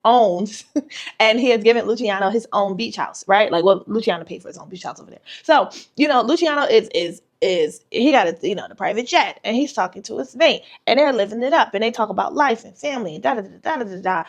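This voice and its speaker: A woman's voice: medium pitch, expressive, brisk. A woman author giving a casual vlog tutorial, retelling a story animatedly with quoted voices.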